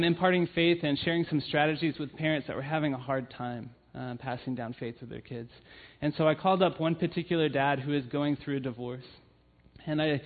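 Man, sermon, earnest storytelling, frequent fillers, slightly high voice, tinny phone-like audio. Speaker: church family ministry leader. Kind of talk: sermon with personal stories.

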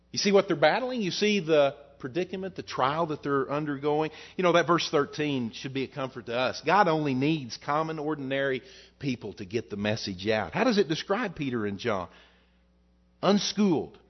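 A male pastor preaching a sermon, asking the congregation rhetorical questions and swinging between loud and soft. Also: expressive, normal speed, muffled recording. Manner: rises and falls in pitch and loudness, rhetorical questions.

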